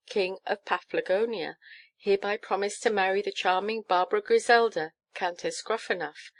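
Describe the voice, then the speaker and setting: A woman's voice: mid-range voice, lightly acted. Woman voicing an old archbishop, ponderous, hesitant reading, storybook.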